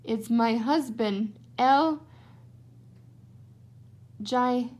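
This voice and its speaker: A gigantic but kindly woman, the giant's wife, anxiously warning a small visitor, voiced by a woman reader. Her voice sits high. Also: very slow, a little mellow.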